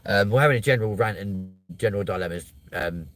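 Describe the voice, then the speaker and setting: A man's voice: on the low side, fast, a bit bright. A middle-aged man, hosting a livestream and telling a story in a casual rant, swearing freely and acting out both sides of a phone call. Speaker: livestream host.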